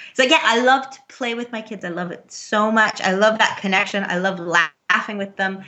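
A woman in her thirties in casual conversation about parenting, earnest and quick to laugh, with many restarts. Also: lowish voice, pushed and bright. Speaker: parent guest. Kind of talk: casual podcast chat.

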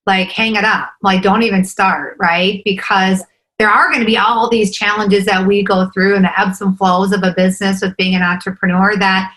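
Woman, forties, podcast guest, eager, bright tone, keeps saying "right?". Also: medium pitch, little pitch movement, moderate pace, low-quality recording. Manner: enthusiastic, fillers like "right?" and "like". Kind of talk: casual interview chat.

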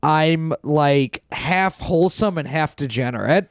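Male podcast co-host, slightly high, smooth voice, loose joking delivery, dry studio sound. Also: measured pace, dry recording. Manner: laughs often, trails off with fillers. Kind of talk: casual comedy chat.

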